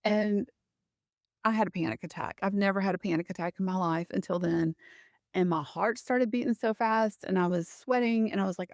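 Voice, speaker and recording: A woman's voice: mid-range voice, a little fast, no room sound. Middle-aged woman telling a story, laughs a lot, restarts, close dry sound. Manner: animated, laughing often, with many restarts. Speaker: guest. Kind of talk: personal storytelling in a conversation.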